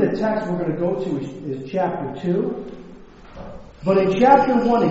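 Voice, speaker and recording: A man's voice: sits high, mellow. A man preaching a sermon as a pastor, talking conversationally with filler words and light humor, recorded at a podium microphone in a church hall. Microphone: mounted microphone at a podium. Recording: echoey hall, dull lo-fi sound, faint noise.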